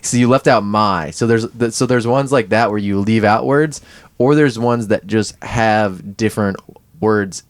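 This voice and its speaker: A man co-hosting a podcast in casual comedic chat, halting and thinking aloud with many fillers. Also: lowish voice, no echo. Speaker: podcast co-host.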